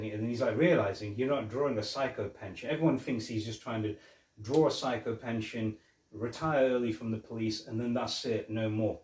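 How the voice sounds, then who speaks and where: A man's voice: medium pitch, brisk, a little mellow. Rambling man in an echoey room. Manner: rambling, retells movie scenes with quoted lines. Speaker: podcast host. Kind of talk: casual film review chat. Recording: roomy echo, mic at a distance.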